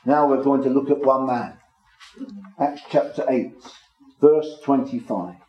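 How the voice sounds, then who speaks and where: A man teaching from the Bible to a small congregation in a measured, explanatory way, stressing key words. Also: medium pitch, lo-fi sound. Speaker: preacher. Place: room with a small gathering. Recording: echoey room.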